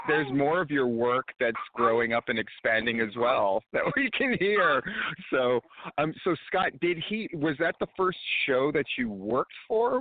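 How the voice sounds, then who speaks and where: A man's voice: medium pitch, no echo. A man hosting a podcast, chatting casually with a guest in a rambling way with many restarts. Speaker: podcast host. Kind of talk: casual interview chat. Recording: dry, phone-like call audio.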